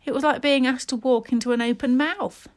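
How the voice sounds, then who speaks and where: A woman narrating a children's story with steady, expressive reading. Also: sits high, fairly quick.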